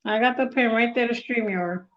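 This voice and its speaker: A woman hosting a casual live stream, excitable and quick to laugh, flustered as she works out the tech on her tablet. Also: a little high, muffled recording. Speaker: livestream host.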